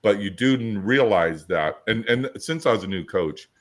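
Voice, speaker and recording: Animated and fairly low in pitch, a man talks at normal speed on the podcast he hosts. He's a business coach who spins casual stories about coaching, voicing each person in the conversations.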